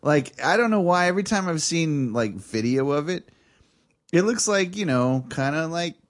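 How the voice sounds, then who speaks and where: A man's voice: a little high, animated, moderate pace. A man chatting casually on a podcast, rambling with lots of fillers and frequent laughs. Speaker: podcast co-host. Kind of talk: casual chat.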